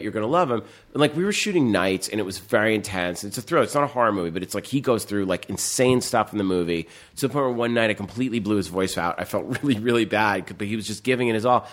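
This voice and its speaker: A man in his forties, a film director, telling animated behind-the-scenes stories in casual chat, full of "like" and swearing. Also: lowish voice, fast, hardly any pauses. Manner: animated storytelling, heavy filler and swearing.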